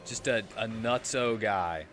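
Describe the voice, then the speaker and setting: Slow, rambling man streamer. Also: fairly low pitch, a bit bright. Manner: rambling, halting retelling full of "like". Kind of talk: casual chat while gaming. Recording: faint game music behind.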